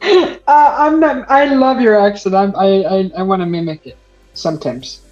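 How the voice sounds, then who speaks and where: A woman's voice: mid-range voice, moderate pace, darkish tone, dull audio. A woman in casual chat who laughs often and asks for things to be repeated. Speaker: chat participant.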